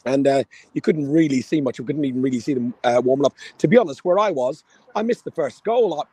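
Excited man on a phone. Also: mid-range voice, fast talker, slightly rough, dry recording. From Ireland. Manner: rambling, excited, swearing freely. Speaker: live correspondent at the match. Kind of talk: excited phone call from a match. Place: outdoors near a stadium. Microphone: phone held to his ear.

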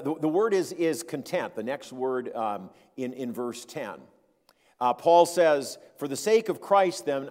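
A man preaching a sermon as pastor, earnest and emphatic, with steady repeated phrases. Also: mid-range voice, long reverb tail.

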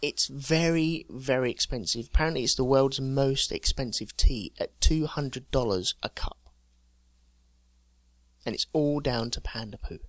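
A man's voice: medium pitch, a little slow, no echo. Male co-host, jokey storyteller, dry close-mic sound. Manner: jokey storyteller, reading out news items with chuckles. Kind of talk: casual chat.

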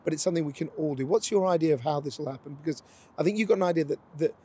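A man's voice: a little high, racing, mellow, husky. A man hosting a conversational interview, asking long, winding questions in a chatty manner.

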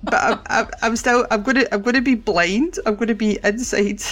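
A woman's voice: on the high side, steady tone, a little fast, fairly bright tone. A woman playing a tabletop horror game, laughing as she describes her character's actions. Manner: gleeful, laughing through gory descriptions. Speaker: player.

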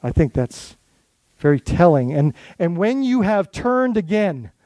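A man's voice: sits high, big pitch swings, unhurried, warm tone, dry recording. A man who is a lead pastor, giving an earnest, conversational sermon full of restarts and asides.

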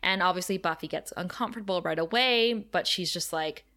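A woman's voice: lowish voice, fairly quick. A woman co-hosting a podcast, retelling scenes in casual chat with frequent laughter. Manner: animated, laughs often while retelling scenes. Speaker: podcast co-host recapping episodes.

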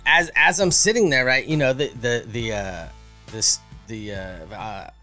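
A man's voice: medium pitch, a little slow, pushed and bright, soft background music. A man co-hosting a podcast, telling a story in casual chat, rambling with many fillers and restarts. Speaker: podcast co-host.

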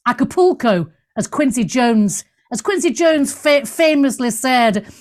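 A woman's voice: sits high, measured pace, a little mellow. A woman hosting a live talk show, chatting casually, reading the live chat and joking at her own expense. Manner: chatty, laughs often, self-deprecating asides. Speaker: show host.

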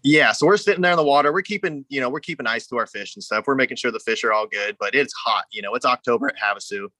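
A man's voice: mid-range voice, fast, pushed and bright, no echo. A man telling fishing stories in a laid-back, casual way, often saying "you know", from Arizona. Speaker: guest angler. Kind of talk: casual storytelling.

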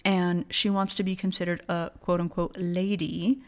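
Co-host, woman, lower register, slight lisp, animated storyteller in casual chat. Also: moderate pace. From United States. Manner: storytelling, emphatic. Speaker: podcast co-host.

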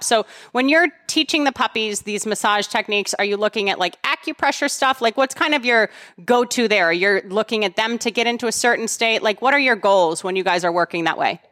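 A woman hosts a podcast, asking a guest long, curious questions in a casual chatting style. She strings her questions together with fillers and follows up eagerly. Her voice sits at a middle pitch. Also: bright, forceful tone. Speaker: podcast host. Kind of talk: interview questions, casual chat.

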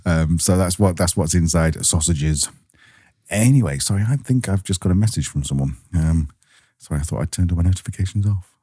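A man's voice: sits low, a little fast, mellow, breathy edge, no echo, studio quality. A man from England co-hosting a podcast, chatting casually and rambling through anecdotes. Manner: chatty, rambling, acts out family quotes. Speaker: podcast co-host. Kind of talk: casual chat.

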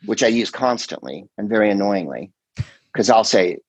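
Middle-aged male comedian, low husky voice, loose rambling podcast storyteller. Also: moderate pace, no room sound, low-quality recording. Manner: rambling, animated storytelling with quoted voices and swearing. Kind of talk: casual chat.

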